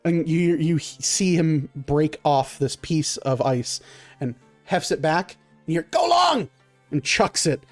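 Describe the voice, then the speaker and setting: A male game master rambles through vivid scene descriptions, full of "uh" and "like." His voice sits fairly high for a man and sounds dry and close. Soft music runs underneath. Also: unhurried, no room sound. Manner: rambling, filler-heavy description. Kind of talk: narrating a tabletop game.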